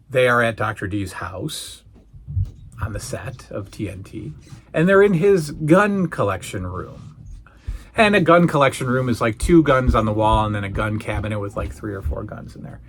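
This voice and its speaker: A man hosting a casual solo recap, telling the story in an animated way and acting out the quoted lines. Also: medium pitch, slight background noise. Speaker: podcast host reviewing old wrestling shows.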